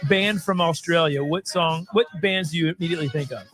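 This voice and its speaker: A man co-hosting a casual music stream, excitable and playful, quick to apologize. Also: a little high. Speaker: co-host. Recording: music playing behind.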